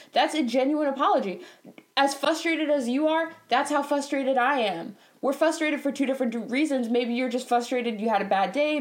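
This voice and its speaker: A woman telling a work story in a casual, exasperated rant, laughing now and then. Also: a little high. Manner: animated, exasperated, laughs while talking. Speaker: bank teller.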